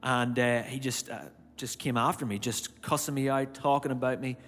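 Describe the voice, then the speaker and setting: A man's voice: mid-range voice, fairly even intonation, moderate pace, a bit bright. A man with an Irish accent preaching a sermon, animatedly telling a personal story and acting out his own reactions. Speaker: church speaker. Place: church auditorium. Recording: long hall reverb, faint music behind. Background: faint music.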